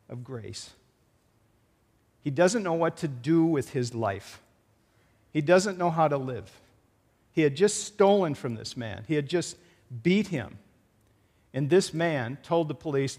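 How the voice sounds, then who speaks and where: A man's voice: on the high side, unhurried, darkish tone. A man preaching a sermon as pastor in a church, earnestly retelling a film scene. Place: church sanctuary. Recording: church hall reverb.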